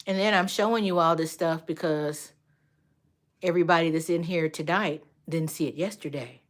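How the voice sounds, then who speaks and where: This grandmother, who teaches art, has a low voice and talks at normal speed during a casual livestream. She addresses viewers by name while energetically retelling stories.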